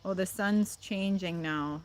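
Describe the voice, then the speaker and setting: A woman's voice: on the low side, slow. A woman from the Midwest with a Midwestern accent, chatting casually on a livestream, answering viewer comments and laughing often. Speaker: livestream host. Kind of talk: casual live chat with viewers.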